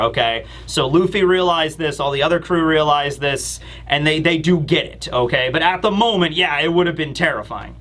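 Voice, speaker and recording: A man reviews a manga chapter in casual, excitable commentary. He often bursts into shouts. His voice is high, bright and forceful. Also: normal speed, hardly any pauses.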